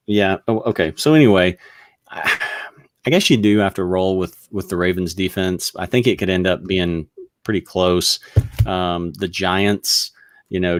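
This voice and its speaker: A man co-hosting a fantasy football podcast, talking hesitantly with many pauses and restarts. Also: low voice, smooth, no echo, clean studio sound. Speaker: podcast co-host. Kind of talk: casual sports chat.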